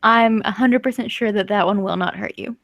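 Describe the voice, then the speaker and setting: A woman voicing an elderly male park owner with a cane who calmly waves off help and reassures others. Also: medium pitch, a little fast, gravelly, dry recording, studio quality. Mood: patient. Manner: calm reassuring, brushing off help.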